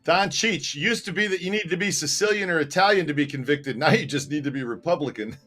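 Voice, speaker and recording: A male host runs a laid-back livestream, reading viewer comments aloud and chatting over them. His voice sits a bit high, with soft music faintly behind him. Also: animated, fairly quick.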